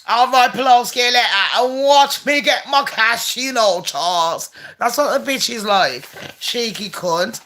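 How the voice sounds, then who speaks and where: A woman's voice: fairly high pitch, a little slow, a bit bright. A woman hosting her own channel, reading a letter aloud and tearing into it with profane, mocking, sarcastic commentary. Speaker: channel host.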